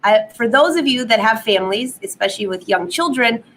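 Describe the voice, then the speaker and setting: Slightly hoarse, chatty woman host. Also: fairly high pitch, animated, fairly quick, fairly bright tone, a little hiss or hum, poor audio. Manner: chatty, upbeat, laughs at her own jokes. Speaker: sewing vlog host. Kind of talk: casual live stream chat. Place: home sewing studio.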